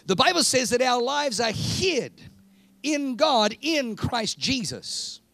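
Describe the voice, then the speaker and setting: Male preacher, lively comic sermon delivery, high gravelly voice. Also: slow pace, no room sound. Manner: animated, comic storytelling, jumping between voices.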